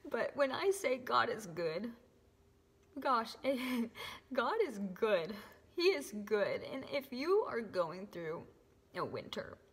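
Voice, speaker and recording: A young woman gives an earnest, emotional faith testimony to camera, often dropping to a soft whisper. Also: fairly high pitch, big pitch swings, slow pace, breathy edge. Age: young adult. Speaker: faith vlogger. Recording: echoey room with long reverb.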